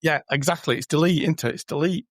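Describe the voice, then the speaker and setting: A man's voice: fairly high pitch, quick pace, dry recording. A man, a guest on an interview podcast, talking in a chatty, informal way and acting out little quoted exchanges. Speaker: podcast guest, booking company co-founder. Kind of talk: casual conversational interview.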